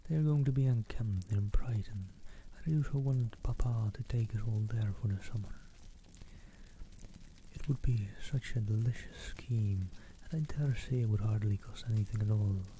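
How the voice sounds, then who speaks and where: A man reading aloud, softly voicing a giddy, boastful teenage girl. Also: on the low side, normal speed, a little hiss or hum, lightly acted. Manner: soft, hushed reading voice.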